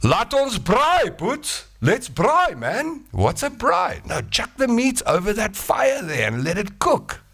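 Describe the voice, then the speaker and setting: A man voicing an excited male caveman with a South African accent who calls everyone to a barbecue. He talks in high, drawn-out, hearty shouts. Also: husky, heavily acted. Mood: jolly.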